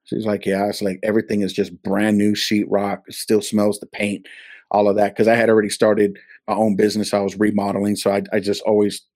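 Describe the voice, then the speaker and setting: Lower-voiced man telling his story earnestly. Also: monotone, fairly quick, a little mellow, no echo, clean studio sound. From California. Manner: earnest storytelling that acts out quoted dialogue. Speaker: interview guest. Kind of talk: personal testimony in a casual interview. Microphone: video call.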